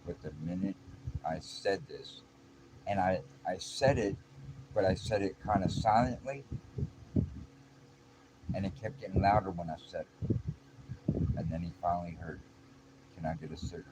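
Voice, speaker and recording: Guy with a really low voice rambling through a story, noisy background. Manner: rambling, halting, earnest. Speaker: vlogger. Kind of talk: casual confessional storytelling.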